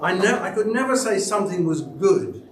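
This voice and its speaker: Animated preacher in an echoey church. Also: male voice, moderate pace, a little hiss or hum. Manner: storytelling, acts out quoted people with big pitch jumps. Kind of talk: sermon. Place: church sanctuary. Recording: echoey church hall, mic at a distance.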